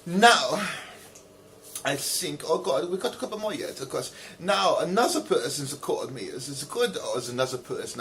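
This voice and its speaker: Comedic host, man with a somewhat high voice, rambling, pompous mock sincerity, faint noise behind. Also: a bit bright. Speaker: comedy video host reading letters. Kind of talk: mock-earnest comedic letter answering.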